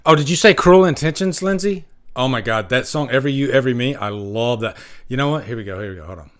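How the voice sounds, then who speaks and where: A man's voice: mid-range voice, expressive, fast, clear, resonant tone, soft background music. A man hosting a casual livestream, rambling in a laid-back way and swearing casually. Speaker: livestream host.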